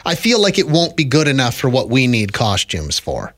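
A man co-hosts a podcast with wry, teasing remarks in casual chat. His voice sits in a middle pitch and moves up and down a lot, so it sounds lively. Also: moderate pace. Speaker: podcast co-host.

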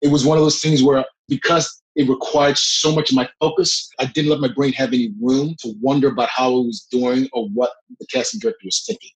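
A middle-aged man, an actor, telling anecdotes in a casual interview, animated and laughing along the way. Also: medium pitch, fairly quick, hardly any pauses, low-quality recording. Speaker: actor, guest.

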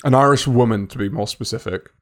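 Guy on a podcast, middle pitch, calm, thinks stuff through out loud. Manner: measured, reasoning things through. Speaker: podcast co-host. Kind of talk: casual chat.

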